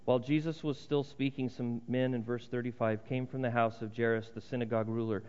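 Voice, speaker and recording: A man's voice: medium pitch, little pitch movement, a little fast, hardly any pauses, clear, resonant tone. Earnest man preaching in an echoing church. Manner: earnest, dramatic, drops to a hush for emphasis. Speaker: pastor. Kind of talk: sermon. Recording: reverberant hall, dull lo-fi sound.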